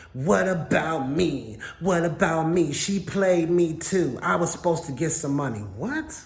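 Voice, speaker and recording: A man's voice: a little high, echoey room. A man ranting blunt and profane to camera in a personal vlog. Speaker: vlogger.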